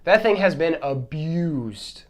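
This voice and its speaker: A man hosting a solo podcast, ranting in a heated, exasperated way, his voice swinging between loud outbursts and quieter asides. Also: on the high side, animated, slow. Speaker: podcast host.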